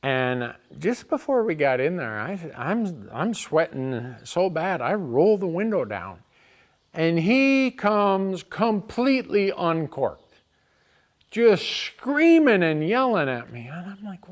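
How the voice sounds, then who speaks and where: Gravelly, animated man telling a story. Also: high-pitched, unhurried. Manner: animated, exasperated, swings between quiet asides and loud outbursts. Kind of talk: comic storytelling.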